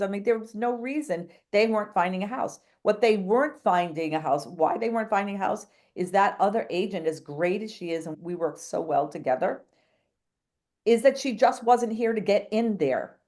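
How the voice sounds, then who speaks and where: A woman's voice: mid-range voice, normal speed, a little mellow. A woman, a real estate agent telling a long story as a podcast guest, chatty and jumping between thoughts while acting out quoted dialogue. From New England. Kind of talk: animated storytelling in a podcast interview.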